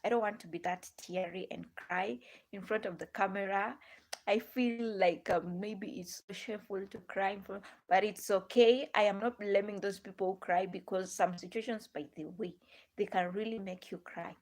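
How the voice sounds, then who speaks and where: A woman's voice: medium pitch, steady tone, normal speed, darkish tone. A woman with a Ghanaian English accent hosting a live stream, chatting to viewers in a rambling way, repeating herself and asking them many questions.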